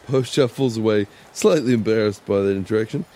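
A male player narrating his character's moves in a quiet, halting voice. His tone is low and mellow. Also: a little hiss or hum. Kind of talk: narrating a tabletop game.

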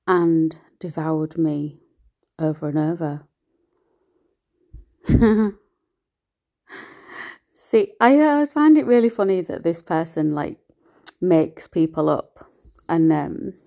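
A woman in a blunt, profane, scornful rant to camera, her pitch leaping as she gets worked up. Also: vocal fry. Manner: animated, with sudden pitch jumps. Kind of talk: ranting monologue to camera.

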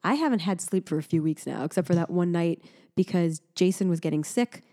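A young adult woman co-hosting a podcast in casual chat, talking in an animated way, laughing often and sounding sleep-deprived. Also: lowish voice, a little fast. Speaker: podcast co-host.

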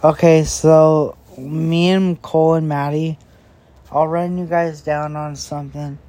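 A young man rambles into a podcast mic late at night, his slightly high voice dragging along at an unhurried crawl. He swears freely, loses his thread in fillers, and breathes heavily after eating. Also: level tone, warm tone. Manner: slow, crude, meandering talk full of filler and swearing. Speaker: podcast host. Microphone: podcast microphone.

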